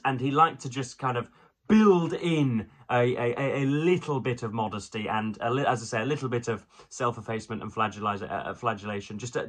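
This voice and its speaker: Guy chatting about a book, bright forward tone, fancy words, lots of stop-and-start. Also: mid-range voice. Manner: wordy, ornate phrasing with frequent hesitant restarts. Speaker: book reviewer. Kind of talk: casual book review talk.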